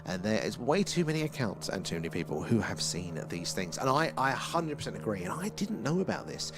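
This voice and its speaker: A man's voice: fairly low pitch, sing-song, fairly quick, noisy background. A middle-aged man with an English accent hosting a live stream, chatting with viewers and reading out their comments in a rambling, friendly way. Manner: chatty and rambling, reads out chat names, laughs often. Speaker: livestream host.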